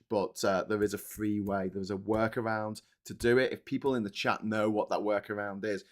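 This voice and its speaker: Blunt, rambling livestream host. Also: male voice, lowish voice. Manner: rambling and blunt, with frequent swearing and filler words. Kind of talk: casual livestream commentary reading chat.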